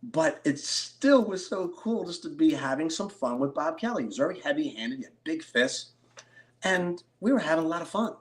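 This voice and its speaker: A middle-aged man from Philadelphia, a card collector and interview guest, telling stories with excited bursts. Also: on the high side, normal speed. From Philadelphia, USA. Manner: animated storyteller, excitable bursts. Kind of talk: storytelling interview.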